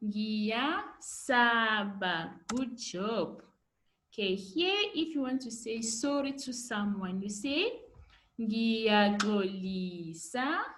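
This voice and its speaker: A woman teacher giving a recorded home lesson, slowly modelling each word for children to repeat. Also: on the high side, very animated, a little hiss or hum. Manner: slow, drawn-out modelling of words for repetition. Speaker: primary school teacher.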